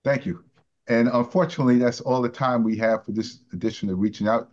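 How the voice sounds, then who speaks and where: A man's voice: medium pitch, fairly quick. A man, a union president hosting a radio interview, asking leading questions in a conversational way. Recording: dull lo-fi radio sound.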